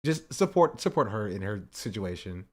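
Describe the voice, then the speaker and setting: A man's voice: fairly low pitch, sing-song, normal speed. Man from north carolina, live streamer, joking, chatting with viewers. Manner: joking, talks back to chat. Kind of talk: casual live-stream reaction commentary.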